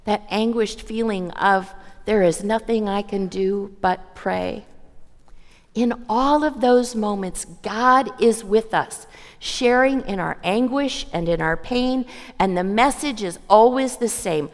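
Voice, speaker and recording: A woman's voice: medium pitch, takes it slowly. Woman preaching in an echoing church. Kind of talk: sermon.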